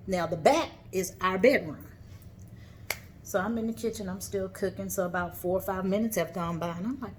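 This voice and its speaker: A woman's voice: medium pitch, moderate pace, a little hiss or hum. Emphatic woman telling her story. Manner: animated, emphatic retelling with acted-out quotes. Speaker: podcast host. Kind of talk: personal storytelling podcast.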